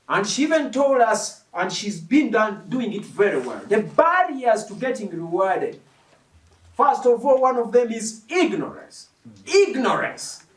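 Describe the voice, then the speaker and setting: A male preacher delivers a sermon in an animated, emphatic style, often putting questions to his congregation. His pitch rises and falls widely as he speaks. He is picked up from some way off, and the hall around him echoes. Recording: echoey hall, mic from a distance.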